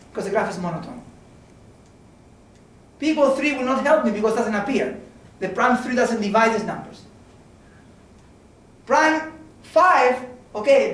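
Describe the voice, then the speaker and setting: A man giving an informal mathematics seminar lecture, talking conversationally and often checking in with "okay?" and "right?". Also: very high voice. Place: lecture room. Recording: very echoey room from a distance.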